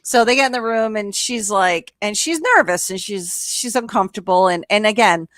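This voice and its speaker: A woman co-hosting a casual podcast, swearing freely as she tells a story with animated energy. Her voice sits at an ordinary pitch for a woman. The sound is dry and close, with no room echo. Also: moderate pace. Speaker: podcast co-host. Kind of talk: casual chat recapping a reality show.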